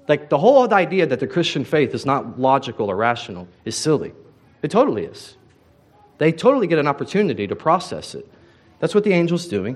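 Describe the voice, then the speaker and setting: A male pastor in his thirties delivers a sermon in a loose, talky way, often speaking straight to his listeners. His voice sits a bit high for a man and moves all over the place, swinging up and down with lots of life. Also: fairly quick. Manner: animated, conversational preaching with asides to the congregation.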